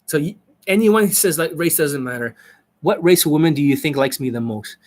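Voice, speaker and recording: A man's voice: on the high side, lively intonation, fairly quick, a little mellow. A man coaching on a live stream, answering viewers in a blunt, profane, rambling way. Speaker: dating coach.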